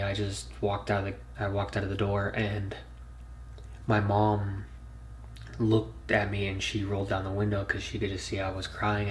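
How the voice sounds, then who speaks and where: A man's voice: lowish voice, a little hiss or hum. A man telling a personal story in a storytime vlog, earnest and candid, plain spoken and swearing freely. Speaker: YouTuber.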